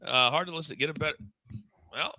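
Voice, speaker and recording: Talking quickly in a highish voice, a middle-aged man who once coached wrestling co-hosts a casual wrestling podcast. He tells backstage stories with lots of energy, tripping over and repeating words, on a rough, dry recording.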